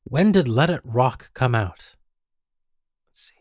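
A man's voice: mid-range voice, lively intonation, takes it slowly, a little mellow, no room sound, clean studio sound. A man with an Australian accent hosting a radio show, rambling, mocking himself and stumbling over names. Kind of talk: casual radio banter.

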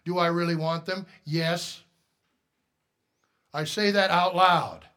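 Forceful, bright-voiced male pastor preaching. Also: high-pitched, steady tone, slow. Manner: emphatic preaching, rhetorical questions to the congregation. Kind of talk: sermon.

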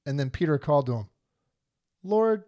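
A man's voice: on the high side, sing-song, normal speed, no echo, studio quality. A man hosting a podcast, casually retelling and joking about a Bible story with lots of laughs. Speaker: podcast host.

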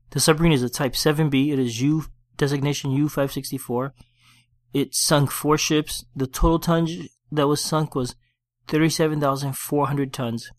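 A man hosting a solo gaming podcast, chatting casually and then reading a war story aloud in his own plain voice. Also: a little high. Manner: conversational, quick restarts, reads report plainly without accents. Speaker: podcast host. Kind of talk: casual podcast talk and read-aloud session report.

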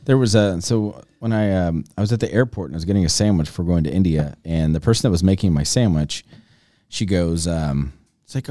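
Animated man telling stories in a studio. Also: lowish voice, a little fast, dry recording. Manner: animated, laughing, acts out quotes in other voices. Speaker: podcast guest. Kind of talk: casual chat, storytelling. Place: small podcast studio. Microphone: studio mic.

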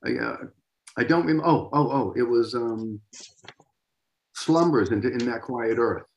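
Gravelly older man in a roomy echo. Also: medium pitch, slow, dull audio. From Massachusetts, USA. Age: 60s. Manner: animated storyteller, vocalizes drum beats. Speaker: guest drummer. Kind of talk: casual interview storytelling.

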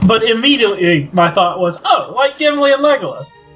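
A man, a player in a tabletop game, chatting and joking in halting, restarted sentences on a voice call. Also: sits high, very animated, fairly bright tone. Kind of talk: casual chat on a voice call. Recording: lo-fi voice call with faint music.

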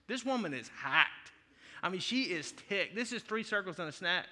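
High-voiced, emphatic male preacher. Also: lively intonation, normal speed, sharp tone, in a large hall. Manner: emphatic and conversational, with playful asides. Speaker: pastor. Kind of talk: sermon.

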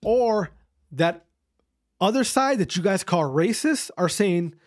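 A man's voice: high-pitched, lively intonation, takes it slowly, no room sound, studio quality. A man hosting his own podcast, speaking in an emphatic, repetitive and profane rant. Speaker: podcast host.

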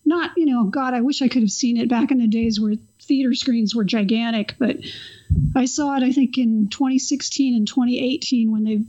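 A woman's voice: on the high side, normal speed, dark tone. A woman co-hosting a podcast, chatting casually about films in a rambling way with many fillers. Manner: rambling, lots of fillers and restarts. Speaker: podcast co-host. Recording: dull, lo-fi audio.

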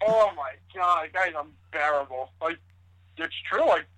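A man's voice: on the high side, expressive, measured pace, sharp tone, dry recording, poor audio. A man talking as a guest in a casual chat, rambling with many restarts and lots of swearing. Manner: rambling, restarts often, profane.

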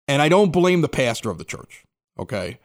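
Middle-aged chicago guy on a podcast, high voice that jumps all over, acts out every line of his story. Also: brisk. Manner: animated storytelling, acting out dialogue. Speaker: podcast host. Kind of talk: casual chat.

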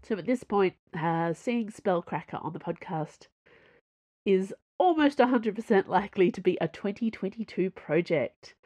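A woman hosting a podcast and reading her own serialized fiction aloud in an expressive, animated storytelling manner. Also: mid-range voice, moderate pace, no room sound.

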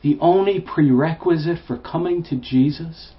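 A man preaching a sermon to listeners, repeating words, swelling to emphatic peaks and falling to hushed, low phrases. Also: moderate pace. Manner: repeats and restarts words, rising to emphatic bursts. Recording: dull lo-fi sound.

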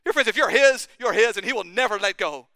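A man's voice: high-pitched, lively intonation, fast talker, pushed and bright, dry recording. A man preaching a sermon as pastor, impassioned and urgent, firing rising questions at the congregation.

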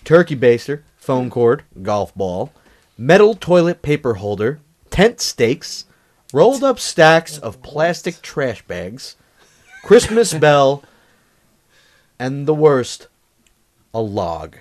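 A man's voice: mid-range voice, big pitch swings, slow, a little mellow. A man hosting a comedy podcast, chatting loosely and crudely with his co-hosts. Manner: loose, profane, laughing. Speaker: podcast host.

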